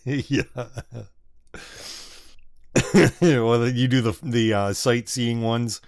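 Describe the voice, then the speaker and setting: A man's voice: mid-range voice, fairly even intonation, drawn-out words, a little mellow, dry recording, studio quality. A man co-hosting a casual podcast chat, laid-back and agreeable, laughing often. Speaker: podcast co-host.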